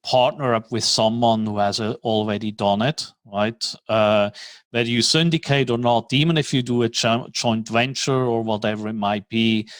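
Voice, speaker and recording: A man's voice: medium pitch, fairly bright tone, no echo, low-quality recording. A middle-aged man, a commercial lender from Switzerland, explaining loans as a podcast guest, often tagging lines with "right?". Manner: explanatory, many "right?" tags and fillers. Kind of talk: podcast interview.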